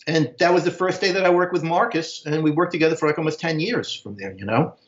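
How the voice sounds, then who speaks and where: An American man in his 60s, appearing as an interview guest, tells stories casually in a fairly high-pitched, fast voice. He rambles, uses lots of slang, and keeps saying "man." The audio is echoey and lo-fi.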